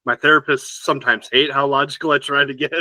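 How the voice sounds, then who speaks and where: A man's voice: mid-range voice, flat delivery, fast talker, pushed and bright, no room sound, rough recording. A man who is a podcast guest, talking earnestly and reflectively in casual conversation, often restarting his sentences.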